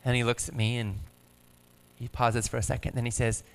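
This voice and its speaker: Man in his 30s, calm, gentle, storytelling, smooth resonant voice. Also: medium pitch, fairly quick, big-room sound. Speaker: guest speaker. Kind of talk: personal storytelling on stage.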